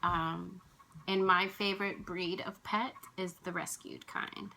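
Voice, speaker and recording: A woman vlogger, tearful and emotional, speaking softly and haltingly in casual chat at home. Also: fairly low pitch, level tone, creaky, low-quality recording. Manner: soft-spoken, halting, with restarts and sighs.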